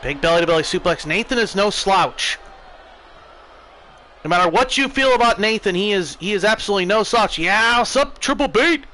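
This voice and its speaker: An American man streaming a wrestling video game, giving excitable play-by-play commentary. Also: high voice, fairly quick, slight background noise, rough recording. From United States.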